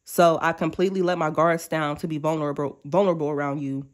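Chatty, slangy woman tarot reader, low voice. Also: quick pace. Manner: chatty, animated, slangy and self-interrupting, acting out quoted thoughts. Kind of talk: casual tarot reading to viewers.

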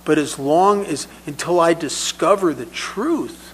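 A man's voice: a little high, animated, measured pace, a bit bright, husky, rough recording. A man telling personal stories at a recovery meeting, in a conversational way, often repeating words as he restarts. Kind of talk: personal storytelling talk.

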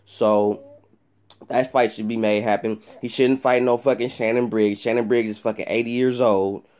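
A man's voice: medium pitch, fairly even intonation, moderate pace, darkish tone. Heated profane man ranting about boxing. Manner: profane, heated, repetitive rant. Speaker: boxing vlogger. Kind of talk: ranting commentary to camera.

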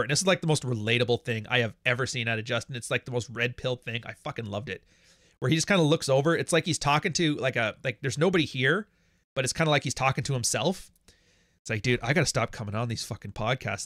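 A man hosting a livestream, talking in a blunt, profane, animated way and telling stories to his audience. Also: medium pitch, no echo, clean studio sound. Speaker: livestream host. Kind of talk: casual livestream monologue.

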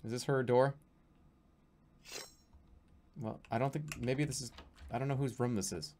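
A man's voice: mid-range voice, steady tone, a little slow, darkish tone, slight background noise. A young man giving casual, jokey commentary while playing a video game, easily exasperated. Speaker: streamer. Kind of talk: let's-play commentary.

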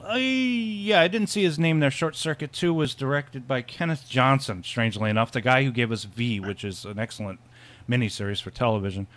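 A man's voice: medium pitch, a little fast, a bit bright. A man co-hosting a casual film podcast, rambling and laughing often, with many restarts. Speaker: podcast co-host.

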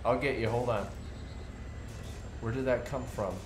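A man's voice: mid-range voice, fairly even intonation, unhurried. A man playing a military shooter with friends, talking casually and getting panicky under fire. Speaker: gamer. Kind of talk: casual gameplay chat. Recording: echoey room with loud game noise.

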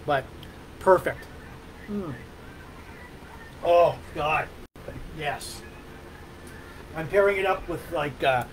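A man's voice: sits high, a bit bright, a little hiss or hum, poor audio. A man hosting a livestream in casual chat, rambling with many fillers and restarts. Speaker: livestream host.

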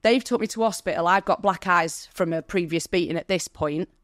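A woman's voice: lowish voice, fairly quick, no room sound, studio quality. Woman telling a raw personal story. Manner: candid, vivid retelling with quoted dialogue; emotional, near tears. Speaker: podcast guest.

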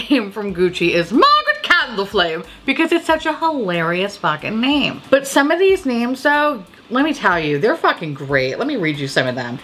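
A woman hosting a casual beauty chat, talking about makeup releases with heavy swearing, laughter and tipsy, excitable gushing. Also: a little high, slight background noise. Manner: animated, swearing, laughing, drinking. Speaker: beauty video host.

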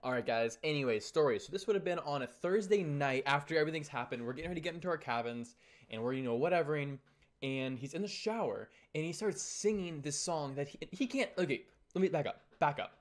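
A teenage guy tells a story to his viewers in a casual vlog, in a fairly high-pitched voice. He rambles and sounds exasperated. He keeps stopping and restarting his sentences. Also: animated, fast talker. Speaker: YouTuber.

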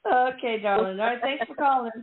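Woman, radio host, chatty call-in patter, slightly high voice, phone-line sound. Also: a little fast. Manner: chatty, friendly greetings to callers. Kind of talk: live radio call-in hosting.

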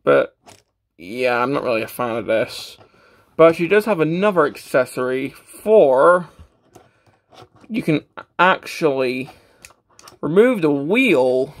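A fairly high-voiced man talks through a toy review in a casual way. He stumbles over his words often, restarting phrases and filling pauses with "uh". He is plainly self-conscious about it. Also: expressive. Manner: stammering, with many fillers and restarts; self-deprecating, matter-of-fact.

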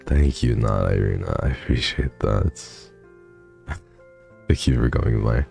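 A man's voice: extremely low pitch, measured pace, vocal fry, warm tone, soft background music. A man streaming from home, chatting casually and thanking viewers, sleepy and swearing freely. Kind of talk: casual chat reading donations.

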